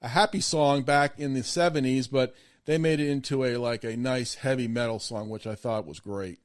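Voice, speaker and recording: A man's voice: medium pitch, steady tone, moderate pace. A man hosting a podcast who chats enthusiastically about songs he loves and often repeats words as he gets going. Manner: enthusiastic, repeats words when starting sentences. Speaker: podcast host. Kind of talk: casual interview.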